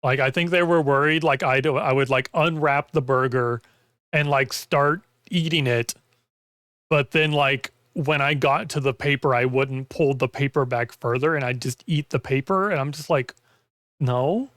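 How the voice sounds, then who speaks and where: A man's voice: mid-range voice, steady tone, normal speed, a bit bright, dry recording, clean studio sound. Rambling man streaming, losing his voice. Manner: rambling, heavy use of "like". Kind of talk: casual chat while gaming.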